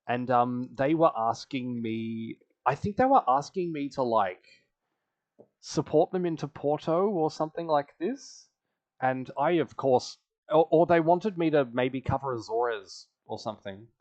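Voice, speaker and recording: A man's voice: mid-range voice, animated, a little slow, a little mellow. A man casually recapping an online strategy game, laughing often and acting out the other players' lines. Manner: chatty, laughs often, acts out quoted players. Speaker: podcast host.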